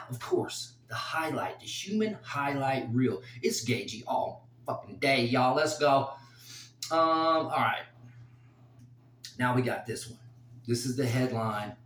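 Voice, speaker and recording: Excitable man in an echoey room. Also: fairly low pitch, a little hiss or hum. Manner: excitable, emotional, rambling with fillers. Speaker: host making fight picks. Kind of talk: casual solo commentary.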